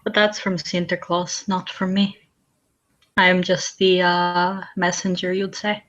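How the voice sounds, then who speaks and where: A woman voicing a gentle, ancient tree spirit, speaking softly and without hurry. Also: fairly low pitch, little pitch movement. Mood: serene. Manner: soft, unhurried. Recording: dull lo-fi mic.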